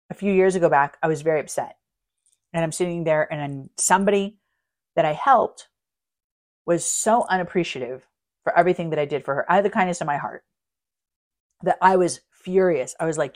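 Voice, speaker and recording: Brief: middle-aged woman podcast host, slightly low voice, lively self-mocking storyteller. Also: moderate pace, long pauses. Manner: animated, laughing, self-mocking. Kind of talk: personal storytelling on spirituality.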